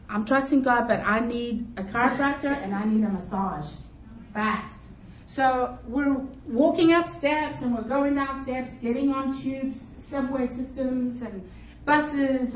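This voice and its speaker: A woman's voice: fairly high pitch, slow. Middle-aged woman telling a funny story. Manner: chatty, animated, laughing through the telling. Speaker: luncheon speaker. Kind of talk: comic storytelling. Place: conference luncheon hall. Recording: echoey hall from far off, room noise.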